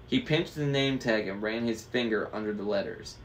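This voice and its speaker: A man's voice: on the low side, moderate pace, few pauses. A man reading a novel aloud in a casual way, stumbling now and then over hard words. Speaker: book reader.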